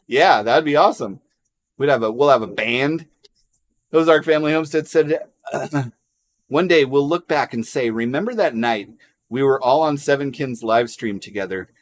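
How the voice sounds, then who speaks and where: A man hosts a relaxed livestream, joking and laughing as he reads viewer comments aloud. His voice sits at an ordinary middle pitch. The sound is dry and close, with no room echo. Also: a little slow. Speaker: livestream host. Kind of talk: casual livestream chat.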